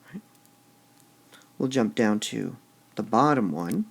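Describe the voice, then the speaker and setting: A man teaching a class, slow and deliberate, stressing syllables aloud as he goes through lines of verse. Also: lowish voice, expressive, creaky, husky. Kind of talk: classroom lecture on poetic meter.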